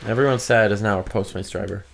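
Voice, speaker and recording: A man's voice: on the low side, fast, creaky. A young man giving casual, joking commentary while playing a video game with a friend. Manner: joking, sarcastic, lively voices for quotes. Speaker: let's play co-host. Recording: game music faintly behind.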